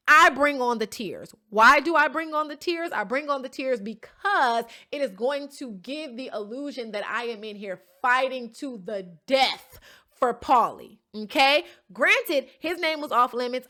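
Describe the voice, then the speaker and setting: Emphatic woman, bright voice, recapping. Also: sits high, lively intonation, unhurried. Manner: emphatic, keeps checking in with "okay?" and "right?"; swears casually, storytelling tone. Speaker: reality show contestant recapping an episode. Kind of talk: casual recap to camera.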